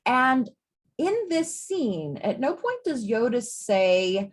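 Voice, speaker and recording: A woman's voice: on the high side, sing-song, slow pace. A woman psychiatrist giving a grand rounds lecture to medical trainees. She speaks in an emphatic, conversational way and often drops in casual "like" asides. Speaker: psychiatrist and residency training director.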